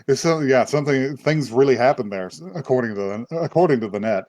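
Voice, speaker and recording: A man's voice: medium pitch, quick pace, few pauses, darkish tone. A man hosting a podcast, casually recapping an anime in a rambling way, swearing and acting out the characters' lines. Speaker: podcast host.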